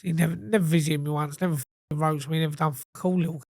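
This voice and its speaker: A man's voice: fairly high pitch, steady tone, quick pace, vocal fry, darkish tone, no echo. Male interview guest, blunt and sweary, acts out quoted lines, dry close sound. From England. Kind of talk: casual storytelling.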